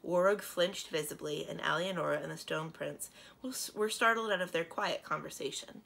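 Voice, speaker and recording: A woman librarian reading a children's book aloud in a gentle, steady storytelling manner. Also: deep voice, moderate pace, creaky.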